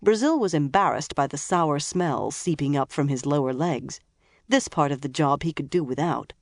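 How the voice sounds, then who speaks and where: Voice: medium pitch, moderate pace, no room sound. Dry, close audiobook narrator. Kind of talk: scripted narration.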